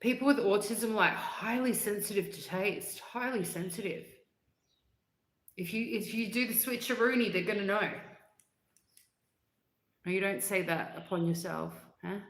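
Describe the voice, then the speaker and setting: A woman's voice: mid-range voice, moderate pace, long pauses, roomy sound. A woman hosting a casual livestream, chatting upbeat with viewers, laughing often and humming bits of songs. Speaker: livestream host. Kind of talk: casual livestream chat reading comments.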